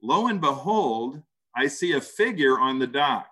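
A man casually recounting an ordeal in an interview, halting and animated. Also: mid-range voice. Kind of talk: casual storytelling.

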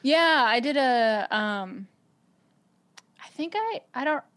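This woman's voice is high, expressive and fairly bright, and she takes her time. An adult with kids appearing as a podcast guest, she speaks reflectively and casually, with frequent restarts and lots of "um" and "like."

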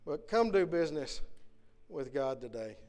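A man's voice: on the high side, big pitch swings, moderate pace, a little mellow, soft background music. A man preaching a Sunday morning sermon in a church, earnestly putting question after question to the congregation. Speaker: guest preacher. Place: church sanctuary.

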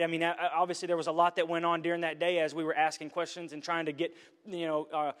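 A middle-aged man, a pastor, giving an earnest, emotional sermon testimony with halting restarts. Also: on the high side. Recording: long hall reverb.

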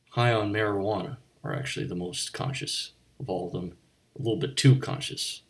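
A man hosting a comedy bit as a bartender, rambling in a deadpan way with slips and restarts. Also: on the low side. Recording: voice a bit distant from the mic.

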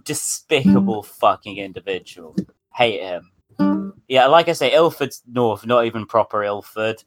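A man's voice: lowish voice, unhurried. Sweary man with guitar behind. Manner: sweary, laughing, mocking. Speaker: livestream co-host. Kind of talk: casual chat on a livestream. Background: his own guitar noodling.

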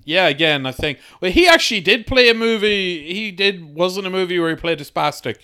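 A man's voice: high voice, animated, brisk, bright, forceful tone, clear, resonant tone. A man in casual comedic podcast chat, crude and joking, often slipping into silly voices.

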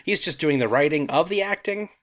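A man chats on a comedy podcast with a wry, joking manner and an easy laugh. His voice is bright, and his pitch rises and falls a lot. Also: animated, a little fast. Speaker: podcast co-host. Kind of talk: casual comedic chat.

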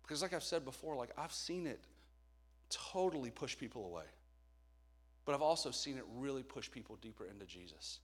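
A man's voice: medium pitch, animated, brisk. A middle-aged man preaching a candid, conversational sermon with jokes along the way. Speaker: pastor.

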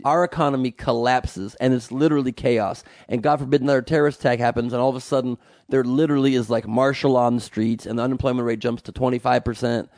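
A man co-hosting a casual chat show, riffing and joking in rapid bursts. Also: medium pitch, steady tone, darkish tone, no echo, studio quality. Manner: riffing, jokey, rapid rants. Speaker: podcast co-host.

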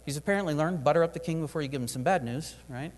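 A man preaching a sermon, animated, acting out prayers and dialogue in different voices. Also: a little high, rapid-fire. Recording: long hall reverb.

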